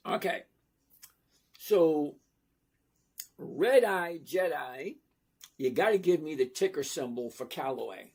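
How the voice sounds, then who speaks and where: A man hosting a casual livestream, talking slowly and emphatically and often checking in with "okay?". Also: a little high, lively intonation, gravelly, a little mellow, husky. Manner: slow, emphatic, repeats "okay?" to check understanding. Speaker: livestream host answering viewer questions. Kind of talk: casual livestream chat about stocks.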